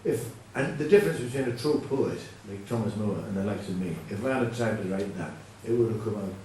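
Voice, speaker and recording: Rambling comic folk singer, echoey hall. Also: male voice, on the low side, brisk, a little hiss or hum. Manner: rambling, deadpan comic patter with self-corrections. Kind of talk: comic storytelling at a live folk gig. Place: live venue with audience. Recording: echoey room from far off.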